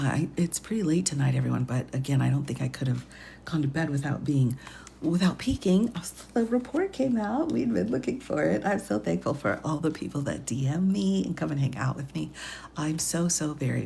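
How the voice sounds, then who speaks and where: A woman attorney hosts a livestream late at night from home, keeping her voice hushed and chuckling quietly. Her voice sits low with a gravelly edge, and faint noise sits behind her. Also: lively intonation, fairly quick.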